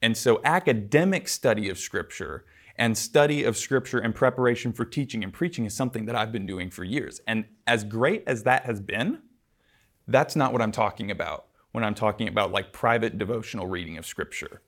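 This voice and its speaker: A man's voice: on the low side, fairly quick, fairly bright tone. A man giving a conversational church lecture, earnest and casual, with asides and fillers. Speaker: church teacher.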